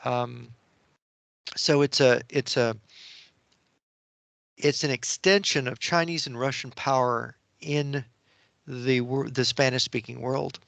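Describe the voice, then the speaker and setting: A male analyst answering questions in a flat, even voice with a smooth, clear tone. He makes blunt statements, steady but dotted with hesitations. The sound is dry and close. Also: mid-range voice, takes it slowly, pauses often, no room sound. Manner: blunt, steady, many filler "uh"s. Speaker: geopolitical analyst guest. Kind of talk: political interview.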